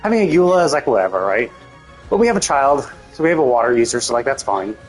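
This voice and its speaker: A man's voice: mid-range voice, sing-song, quick pace, faint music behind. Rambling, irritated male game streamer. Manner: rambling, annoyed venting with frequent swearing and fillers. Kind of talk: casual gameplay commentary.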